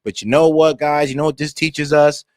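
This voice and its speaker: A man doing casual reaction commentary on political news, animated and joking, laughing at his own asides. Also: a little high, normal speed, dry recording.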